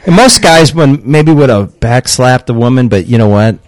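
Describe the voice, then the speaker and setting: A man's voice: mid-range voice, normal speed, no room sound. A middle-aged man, a retired cop and dad, telling rowdy family stories with lots of laughter and swearing. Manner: laughing, profane, animated storyteller. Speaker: podcast guest, retired police officer dad. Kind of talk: casual storytelling chat.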